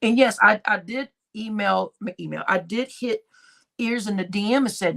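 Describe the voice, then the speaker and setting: A woman's voice: medium pitch, normal speed, creaky, a bit bright. A woman hosting a casual livestream, rambling through a story and acting out what people said. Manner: rambling, acts out quoted dialogue. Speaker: livestream host. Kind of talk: casual live-stream storytelling.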